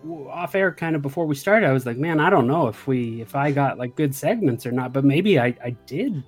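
A man's voice: mid-range voice, animated, a little fast, faint music behind. A man guesting on a podcast, chatting casually about a movie with dry, laid-back jokes. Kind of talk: casual movie review chat.

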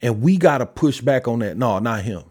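A man hosting his own podcast and speaking his mind in a casual, heated rant. He is emphatic and profane, and his voice leaps upward on the points he presses before dropping into low, weary mutters. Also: animated, moderate pace, darkish tone, breathy edge. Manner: heated, profane, emphatic, pitch jumping sharply when stressing points; trails off into sighs and low mutters. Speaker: podcast host.

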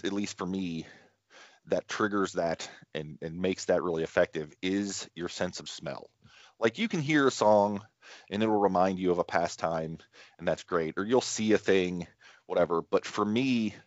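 A middle-aged man with a very low voice co-hosts a podcast and chats casually. He wanders through his stories, restarting and correcting himself as he goes. The dry, dull, lo-fi recording has no room sound. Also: dry recording. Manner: rambling, self-interrupting storyteller with many restarts. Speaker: podcast co-host. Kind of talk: casual chat.

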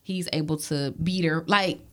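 A middle-aged woman co-hosting a casual talk show, telling a family story in animated, chatty bursts and acting out what people said. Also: sits low, unhurried. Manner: animated, acts out quoted family dialogue.

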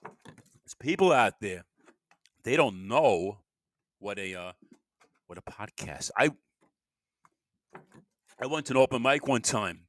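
Rambling tired man with a lively voice. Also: lowish voice, slow pace, long pauses, dry recording, studio quality. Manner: meandering, self-interrupting, swings between loud and mumbling. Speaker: podcast host. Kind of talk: rambling solo monologue.

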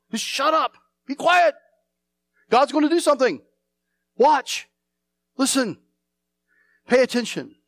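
A man preaching a sermon, emphatic and repetitive, swinging between forceful lines and hushed ones. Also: very high voice. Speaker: pastor.

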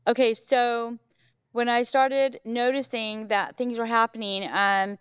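A woman's voice: a little high, level tone, a little slow, fairly bright tone, smooth, no room sound, muffled recording. A middle-aged woman, a podcast guest, telling a story in a rambling way full of fillers and restarts. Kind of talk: casual storytelling.

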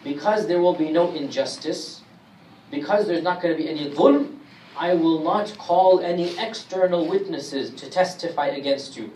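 A man gives an emphatic scripture lecture, reciting Arabic verses at speed in a slightly high voice. He stands away from the microphone in an echoey room, with a faint hiss behind him. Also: moderate pace, darkish tone, recorded from a distance. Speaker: Islamic teacher giving Quran commentary.

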